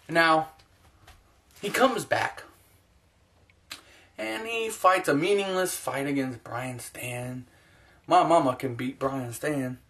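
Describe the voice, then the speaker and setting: A man's voice: a little high, fairly bright tone, slight background noise. American man in a profane sports rant. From United States. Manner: profane, heated, rapid-fire ranting. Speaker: sports vlogger. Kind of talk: ranting sports opinion vlog.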